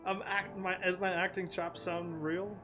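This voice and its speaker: A gaming streamer with a high voice speaks in a flat, unhurried way. Still, he is playful and often laughs as he casually comments on the game and reads its dialogue out loud over the game music.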